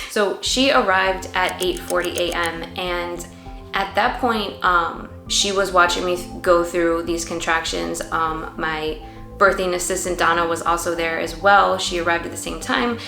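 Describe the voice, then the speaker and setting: Earnest mom vlogger, lower register, roomy sound with soft music under her. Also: gravelly. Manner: earnest, emotional, many "like" fillers. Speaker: vlogger mother telling her birth story. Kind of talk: personal storytelling to camera.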